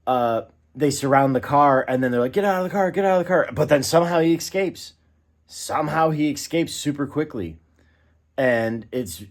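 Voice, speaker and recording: Man, film reviewer, casual rant, exasperated, somewhat low voice, fillers and restarts. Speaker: movie reviewer.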